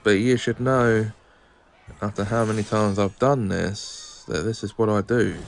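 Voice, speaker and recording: Slow-talking man hosting a game playthrough. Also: fairly low pitch, steady tone, creaky. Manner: talks directly to viewers as "guys", unhurried. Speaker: gaming channel host. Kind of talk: let's play commentary.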